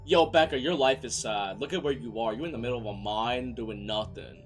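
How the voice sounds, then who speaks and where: A young man commentating a game as a streamer, excitable and profane, breaking into shouted rants. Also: medium pitch, a little fast, hardly any pauses, faint music behind. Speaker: gaming streamer. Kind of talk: let's play commentary.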